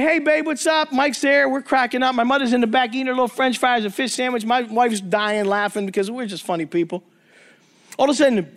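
High-voiced middle-aged preacher. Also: male voice, a bit bright. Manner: emphatic, repeating phrases for effect. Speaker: traveling preacher. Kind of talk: sermon with storytelling and prayer.

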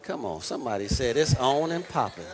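A male pastor delivering a lively sermon, stressing points and calling out to the congregation for response. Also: mid-range voice, a little fast, noisy background. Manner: emphatic call-and-response preaching.

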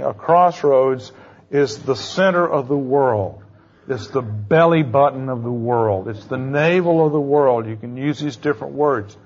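A man's voice: mid-range voice, muffled recording. A man giving a classroom lecture in a conversational way, quizzing his students with questions as he goes.

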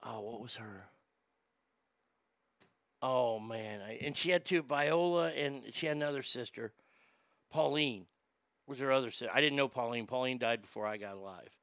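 Gravelly, profane man telling family stories. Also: medium pitch, moderate pace, fairly bright tone, no room sound. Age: adult. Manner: candid, profane, rambling. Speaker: storyteller. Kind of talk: casual storytelling to a familiar audience.

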